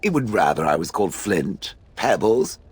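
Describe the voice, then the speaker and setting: Scornful ancient stone golem for a game; dry, mocking, lively swoops in a very low voice. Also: male voice, normal speed, husky, dry recording, exaggerated voice. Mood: sardonic. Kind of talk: video game dialogue.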